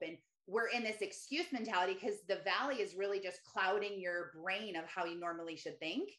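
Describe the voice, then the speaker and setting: A woman's voice: fairly quick, hardly any pauses, a bit bright, reverberant. A woman, a podcast host and coach, telling her personal story earnestly and with emphasis as an interview guest. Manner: earnest, emphatic, shifts to higher voice for quoted thoughts.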